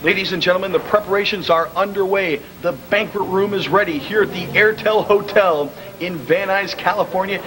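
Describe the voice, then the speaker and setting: A man's voice: brisk, background noise. A man hosting a wrestling show, doing brash, sarcastic mock commercials. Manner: brash, sarcastic pitchman delivery. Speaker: show host. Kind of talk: mock commercial reads and comedy bits.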